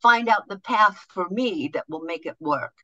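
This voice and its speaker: A woman guest on a podcast, a motivational speaker and author, telling stories in an animated way and acting out quoted voices. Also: medium pitch, moderate pace, dull audio. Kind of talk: conversational podcast interview.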